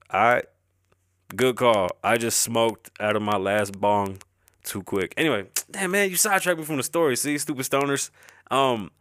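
A man's voice: medium pitch, a bit bright, dry recording. A man with a Bronx New York accent hosting a podcast in a casual, rambling way, easily sidetracked, swearing and laughing as he goes, speaking close to the microphone. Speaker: podcast host. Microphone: close-up podcast mic.

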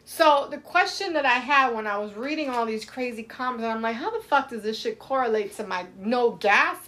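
A woman's voice: fairly high pitch, lively intonation, normal speed, sharp tone. A woman co-hosting a podcast in casual chat, blunt and teasing, swearing freely. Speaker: podcast co-host.

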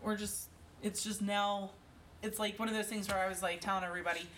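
A young woman, a conference organizer and mother, chatting casually with animated storytelling and a lot of laughter. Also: medium pitch, brisk, recorded from a distance, slight background noise. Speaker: event organizer. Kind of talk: casual chat.

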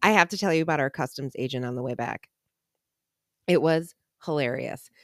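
A woman's voice: low-pitched, a little fast, no echo, clean studio sound. A woman in her thirties co-hosting a podcast, telling stories in casual chat and laughing often. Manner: animated storytelling with frequent laughter. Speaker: podcast co-host.

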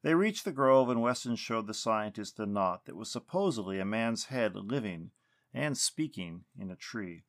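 A man narrating a story in an expressive reading style. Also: fairly low pitch, moderate pace.

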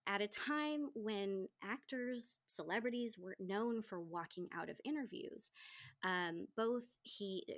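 A woman hosting a podcast, telling a story in casual chat, animated and chatty. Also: mid-range voice, unhurried. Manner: animated, chatty, quotes people in lively voices. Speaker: podcast host.

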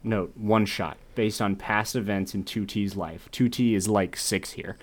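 A man's voice: on the low side, steady tone, a little slow. A man co-hosting a casual podcast, reading fan fiction aloud with laughing, overblown drama and joking asides. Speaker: podcast co-host.

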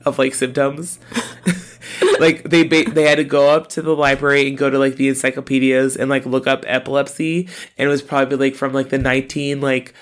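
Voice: mid-range voice, little pitch movement, brisk. Podcast cohost rambling thru an episode recap, lots of likes and laughs, mid voice. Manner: rambling, laughs often, fills with "like". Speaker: podcast co-host. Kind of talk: casual chat recapping a TV episode.

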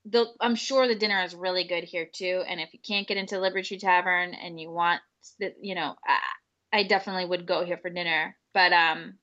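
A woman's voice: lowish voice, steady tone, fairly quick, bright, forceful tone, dull audio. A woman co-hosting a podcast, chatting and teasing her co-host, often laughing. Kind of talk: casual chat.

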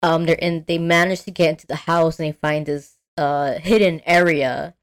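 A woman's voice: low-pitched, fairly even intonation, moderate pace. A young woman podcast host casually recapping a cartoon film, telling it with animation, acting out quotes and swearing freely. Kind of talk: casual movie recap chat.

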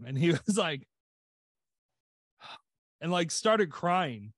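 A man's voice: a little high, lively intonation, extremely slow, long pauses, no room sound. A man co-hosting a podcast, telling a story in casual chat with lots of "like" fillers. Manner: rambling storyteller, many "like" fillers. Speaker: podcast co-host.

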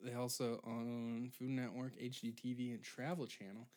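A young man in his twenties rants alone into the mic, sarcastic and profane. His pitch sits mid-range for a man, swinging from loud outbursts to low mutters. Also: level tone, normal speed. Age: 20s. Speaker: podcast host. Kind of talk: solo comedic rant.

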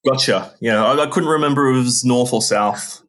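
A man in his thirties with an Australian accent, chatting as a guest on a remote interview, relaxed and quick to laugh. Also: medium pitch. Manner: relaxed, chatty, laughs easily, many ums. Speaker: guest, game designer. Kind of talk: casual interview chat.

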